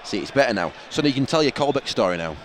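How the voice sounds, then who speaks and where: A man's voice: mid-range voice, rapid-fire, a little hiss or hum. A man co-hosting a podcast live from a football stadium, teasing and laughing as he talks. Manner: lively, giggly, teasing. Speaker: podcast co-host. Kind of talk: casual live banter. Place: outdoor football stadium stands. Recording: stadium music playing behind.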